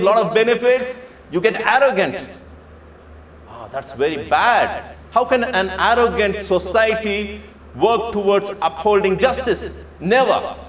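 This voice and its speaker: A man's voice: sits high, slight background noise. A man giving a lecture to students and telling a story. He speaks emphatically, repeats phrases and asks rhetorical questions. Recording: echoey room with faint ambience.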